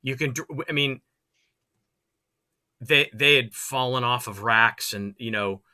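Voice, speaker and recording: Bright-voiced man recalling shop work. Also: mid-range voice. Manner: halting, restarts, chuckles between thoughts. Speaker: guest, former guitar builder. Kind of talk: casual conversation.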